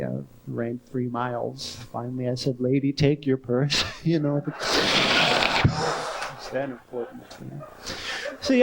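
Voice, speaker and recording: A man doing a stand-up comedy set in a club, with an odd sing-song delivery that leaps around, little giggles and a slow, halting, childlike way of telling stories. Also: sits high. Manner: slow, halting, wide-eyed childlike storytelling. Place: comedy club stage with audience laughter. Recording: faint hiss on a 1980s club tape.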